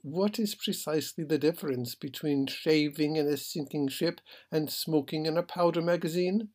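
Man voicing a blunt naval lieutenant, dry, husky, storybook reading. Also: on the high side, normal speed, darkish tone, lightly acted. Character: blunt practical male first lieutenant.

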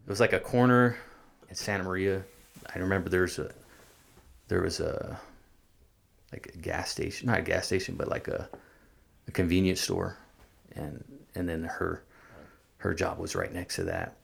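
A man from California, earnestly recounting his own hard childhood as an interview guest, halting and restarting often. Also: low voice, lively intonation, creaky, husky. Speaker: guest sharing his life story. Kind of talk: personal storytelling in an interview.

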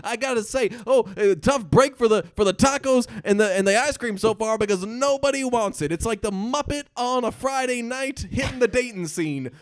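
Very high, dry-voiced man hosting radio. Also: moderate pace, hardly any pauses, no room sound. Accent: slight put-on southern twang. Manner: rambling, playful, teasing. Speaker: radio morning show host. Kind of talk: comedic call-in radio banter.

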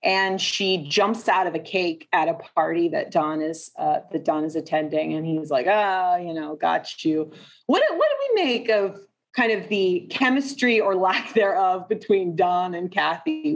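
Lower-voiced woman host, casual film chat, thoughtful and asks the questions. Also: slightly rough. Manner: thoughtful, leads with questions, frequent "uh" fillers. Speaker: podcast host.

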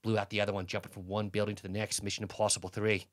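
A man's voice: fairly low pitch, level tone, racing, no room sound, studio quality, lightly acted. A man playing a boastful, worn-out stuntman who talks in clipped, terse bursts.

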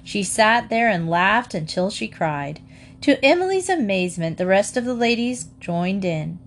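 A woman narrating a children's chapter book in a clear, steady storytelling voice. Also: mid-range voice, measured pace, slight background noise. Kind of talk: storybook read-aloud.

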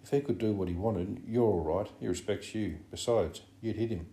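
A man's voice: lowish voice, moderate pace, mellow, natural voice. A man reading an audiobook, voicing an anxious, fussy schoolboy who pleads earnestly. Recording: roomy echo.

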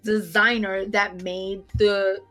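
A woman on a podcast telling a funny convention story in casual chat, animated, laughing often and acting out the people she quotes. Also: mid-range voice, takes it slowly, faint music behind.

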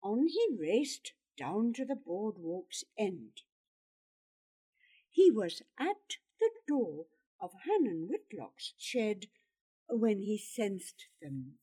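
A woman narrating a storybook in an expressive, dramatic reading. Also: mid-range voice, drawn-out words, breathy edge. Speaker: storybook reader.

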